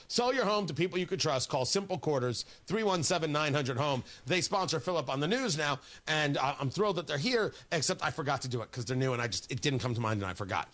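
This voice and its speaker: A man's voice: fairly high pitch, lively intonation, quick pace, few pauses, fairly bright tone. A man hosting a morning radio show, chatting casually, laughing easily and tripping over his words. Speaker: radio talk host.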